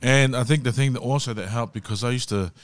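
A man appearing as a guest, a singer and worship leader, talks earnestly in casual chat, often asking "you know what I mean." His voice is medium-pitched and fast.

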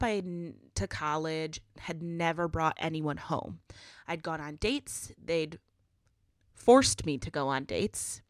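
A woman's voice: deep voice, dry recording, studio quality. A young adult woman hosting a podcast, telling a personal story in a chatty way with lots of fillers. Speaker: podcast host.

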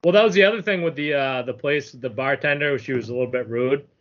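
A man's voice: medium pitch, quick pace, a bit bright. A man with a New England accent talks sports in a plain, matter-of-fact way on a casual podcast. His voice sits mid-range, and the audio is dull and lo-fi. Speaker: podcast co-host.

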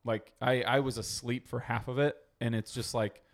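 A man's voice: medium pitch, steady tone, moderate pace, creaky. Young man, podcast co-host, casual chat, laughing, swearing. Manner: laughing storyteller, acts out quotes, swears freely.

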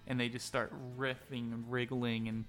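A man's voice: medium pitch, flat delivery, normal speed, fairly bright tone. A man narrating a tabletop game as game master, in a casual, crude, rambling way. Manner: casual, crude, filler-heavy. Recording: faint music behind.

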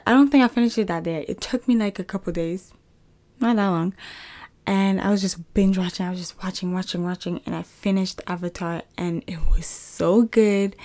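A woman's voice: mid-range voice, a little mellow, dry recording. A young woman hosting a podcast, sharing a personal faith testimony in a chatty, rambling way full of fillers. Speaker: podcast host.

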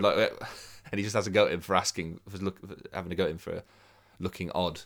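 Man, very low voice, casual sarcastic chat. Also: quick pace, gravelly, few pauses. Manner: animated storytelling, sarcastic, swears often. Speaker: podcast co-host.

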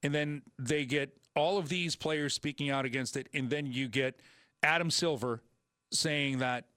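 A man filling in as host on a sports talk radio show, joking and rambling with quick asides. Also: fairly high pitch, sharp tone, dry recording, clean studio sound.

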